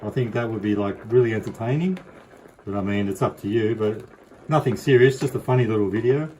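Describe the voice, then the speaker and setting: A middle-aged Australian man walks through a recipe in a casual, rambling, friendly way. His voice is mellow and unhurried, recorded in a home kitchen with a faint hum of noise behind him. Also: on the low side, poor audio. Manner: chatty, rambling, easygoing. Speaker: cooking vlogger. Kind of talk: casual cooking demonstration.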